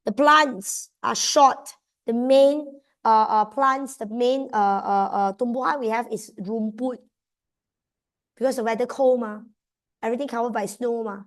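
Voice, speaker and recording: Her voice fairly high, steady in tone, and a little slow, a young Malaysian-accented tutor leads an online revision session for exams. She switches between English and Malay as she gently coaxes students toward their answers.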